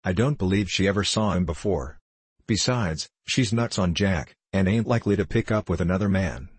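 A man's voice: deep voice, normal speed, slightly rough, no echo. A man reading a sly male convict who speaks in elegant slang and mocks his mates. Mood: scheming. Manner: sardonic, condescending.

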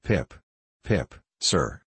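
A man's voice: drawn-out words, a bit bright, no room sound. A man voicing a timid, frightened orphan boy. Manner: timid, pleading.

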